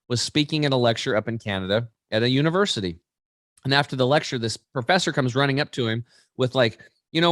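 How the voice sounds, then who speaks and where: A man's voice: mid-range voice, no echo, clean studio sound. A man, an interview guest, explaining with energy, acting out quoted people and often restarting his sentences. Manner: animated storyteller, acts out quoted voices, many restarts.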